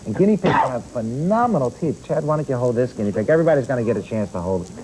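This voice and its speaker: As the pet expert on a children's TV program, this man explains animals and fires questions directly at the kids in the studio. He's a fast talker with lively intonation and a medium-pitched voice, and the recording is very noisy.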